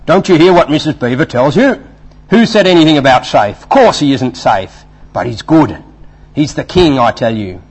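A gruff, emphatic male beaver from a children's storybook, read aloud by a man. The pitch swings widely and the delivery is insistent. The voice is husky. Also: animated, moderate pace, a little mellow.

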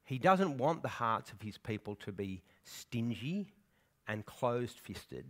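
A man's voice: medium pitch, big pitch swings, measured pace, a bit bright. A man preaching a sermon to his congregation, earnest and conversational, with swells of emphasis. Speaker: pastor.

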